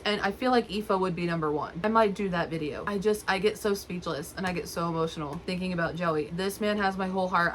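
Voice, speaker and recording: A woman's voice: medium pitch, a bit bright, slight background noise, poor audio. A young woman vlogging about her favourite books, gushing and repeating herself as she talks straight into her phone camera. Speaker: book vlogger. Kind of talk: casual enthusiastic book talk.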